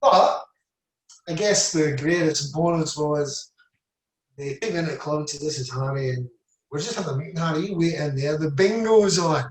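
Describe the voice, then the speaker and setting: In a casual interview, a former footballer from Scotland, now in his seventies, tells meandering stories laced with "you know" and "I said." His voice is a little high and his pace moderate. The mic is distant, and the room echoes.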